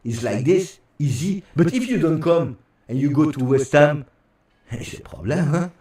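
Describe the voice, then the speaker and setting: A boastful young footballer with a thick French accent, as a man puts him on, coaxing a teammate with a lively voice set higher than a man's usual speaking pitch. His talk is dotted with French words and a habitual "hein". The sound is a roomy recording played back from well away from the mic. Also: unhurried, far from the mic. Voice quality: heavy French accent, mixing French words into English. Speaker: host doing an impression. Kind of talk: comic impression in an old video clip.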